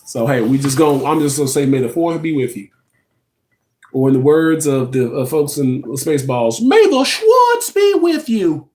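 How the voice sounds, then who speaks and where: A man with a warm, steady voice at normal speed chats casually with his livestream viewers, calling them y'all. Now and then he slips into high, sing-song bits.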